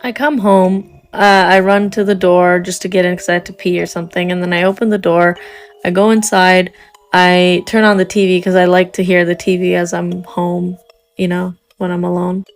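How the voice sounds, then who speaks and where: A woman's voice: lowish voice, little pitch movement, moderate pace. A young woman from Canada casually telling a ghost story while walking through a house, chatty and full of filler words.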